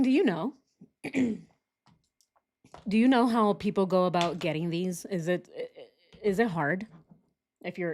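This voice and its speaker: A woman's voice: fairly low pitch, a little mellow. A young woman hosting a casual true crime stream, sarcastic and giggly, talking to her chat as she reacts. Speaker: true crime livestream host.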